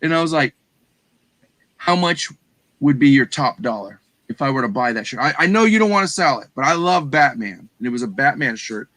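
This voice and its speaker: A middle-aged man with a Texan accent, casually telling a reselling story on a show, animated and acting out the people he quotes. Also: mid-range voice, a little fast, no room sound. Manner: animated, acts out quoted voices, swears casually. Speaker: guest reseller.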